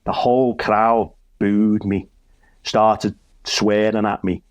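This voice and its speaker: A man from Liverpool with a Liverpool accent, a guest comedian and minister telling a lively anecdote and acting out dialogue. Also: lowish voice, slow, no room sound. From Liverpool, England. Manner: lively storyteller, acts out dialogue. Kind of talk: casual anecdote.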